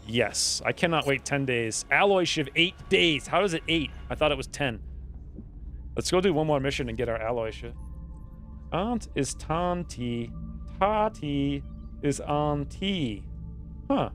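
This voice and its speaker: A man's voice: mid-range voice, expressive, normal speed, a bit bright, soft background music. Rambling, playful male game streamer. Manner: rambling, playful, thinks aloud. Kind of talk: casual gaming commentary.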